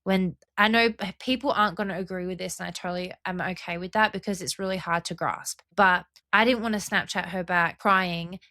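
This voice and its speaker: A woman's voice: fairly low pitch, fairly even intonation, a little fast, few pauses, pushed and bright, no room sound, studio quality. A young adult woman hosting a solo podcast, talking earnestly and passionately, often checking in with "right?" and "okay?". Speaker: podcast host. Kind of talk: reflective solo podcast monologue.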